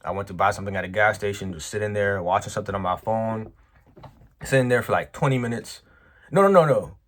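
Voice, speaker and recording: Talking fast in a lowish voice, a man who runs a business recounts something from his own life in an emphatic, slangy vlog, animated throughout and dropping "bro" along the way.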